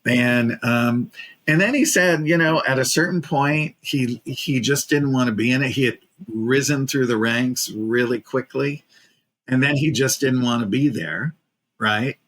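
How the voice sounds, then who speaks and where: A man in his fifties, a casting director and podcast guest, telling a personal story in a lively, casual way, acting out the people he quotes and using plenty of fillers. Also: mid-range voice, measured pace, poor audio.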